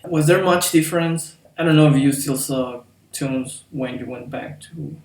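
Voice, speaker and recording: A woman hosting a podcast, asking casual questions in a halting, hesitant way. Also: low-pitched, darkish tone. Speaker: podcast host interviewer. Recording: roomy, echoey, mic at a distance.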